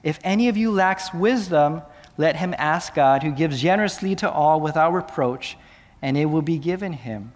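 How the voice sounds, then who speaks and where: A man preaching a sermon as pastor, moving between hushed, slow passages and raised, urgent questions. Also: fairly high pitch, expressive, big-room sound.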